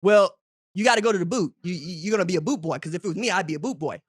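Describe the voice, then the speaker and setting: A man voicing a pushy adult male football fan, speaking low and quiet. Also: rapid-fire, breathy edge, no echo, clean studio sound. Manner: pushy, insistent.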